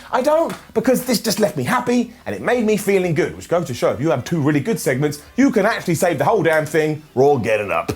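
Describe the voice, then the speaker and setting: A man hosting a wrestling review video, talking in an energetic, sarcastic and jokey way. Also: high voice. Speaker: wrestling show reviewer and host.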